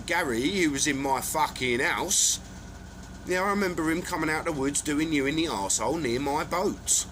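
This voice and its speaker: A man's voice: on the high side, moderate pace, fairly bright tone, slight background noise, low-quality recording. A man in a rambling monologue, ranting angrily and swearing as he accuses people. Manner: angry, profane, accusatory ranting.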